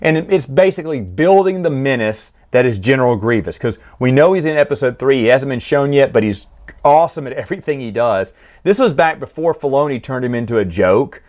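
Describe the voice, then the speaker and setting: A chatty man recapping a book series, pitched in the middle of the male range. He rambles informally, restarts his sentences, fills pauses and laughs along with his own stories. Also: lively intonation, darkish tone. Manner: chatty, laughs often, frequent restarts and fillers. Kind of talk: casual spoken recap.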